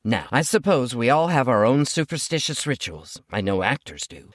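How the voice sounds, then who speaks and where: Guy narrating his own story, wry and chatty, lively voice, dry close sound. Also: medium pitch, moderate pace, no echo. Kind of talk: first-person audio fiction narration.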